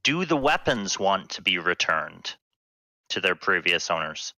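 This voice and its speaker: Man, tabletop player, bright voice, lowish pitch, matter-of-fact. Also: very animated, a little slow, poor audio.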